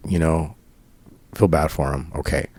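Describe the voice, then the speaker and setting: A man's voice: rumbling low, fairly even intonation, a little slow, darkish tone, husky. A man telling a long story in casual conversation, acting out both sides of phone calls with quoted dialogue and laughter. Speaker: interview guest. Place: barber shop.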